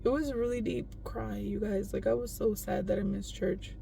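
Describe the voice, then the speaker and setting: A woman's voice: medium pitch, flat delivery, measured pace, gravelly, warm tone, a little hiss or hum. A woman in her thirties talking in a casual personal vlog, emotional and rambling, with many fillers. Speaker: vlogger.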